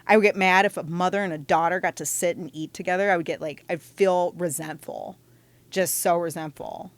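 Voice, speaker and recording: A woman shares her story on a podcast in a candid, animated way, full of quick asides and self-corrections. Her voice sits fairly low for a woman. The sound is close and dry, with no room echo. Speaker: podcast guest.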